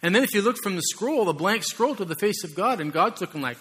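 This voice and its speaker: A man preaching a sermon in an animated way, acting out voices and rising suddenly in volume. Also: sits high, a little fast, pauses often, breathy edge. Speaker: pastor.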